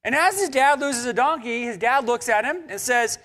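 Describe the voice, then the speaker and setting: Speaking at a normal pace in a very high voice, a young man delivers a sermon as pastor in a church sanctuary. He keeps it conversational and animated, cracking jokes and making asides to the congregation.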